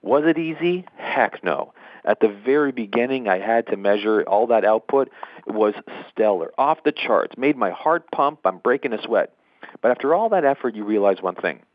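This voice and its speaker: Low-voiced man telling a story on a call. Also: dry recording. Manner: folksy, conversational, repeats phrases for emphasis. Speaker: host of a motivational session. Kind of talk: motivational storytelling on a conference call. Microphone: phone. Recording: dull lo-fi phone line.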